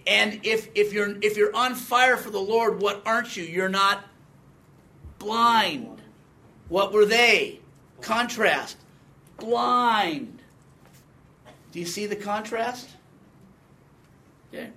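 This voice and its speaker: A man's voice: high-pitched, slow, long pauses, sharp tone. A man in his sixties giving a conversational Bible teaching, quizzing the class and reading scripture with emphasis. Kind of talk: teaching sermon with audience questions.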